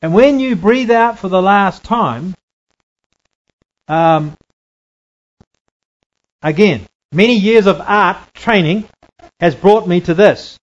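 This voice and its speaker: A man teaching a Bible lesson from slides, deliberate and repetitive, often checking in with "right?". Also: high-pitched, animated, dull audio. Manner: deliberate, repeats key phrases, checks in with "right?".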